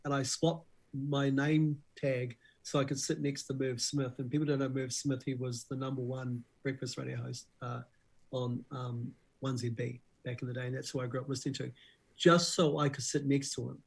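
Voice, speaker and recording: Husky animated New Zealand man. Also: mid-range voice, brisk, poor audio. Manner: animated storyteller who acts out quotes. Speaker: radio breakfast host, guest. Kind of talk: casual interview storytelling.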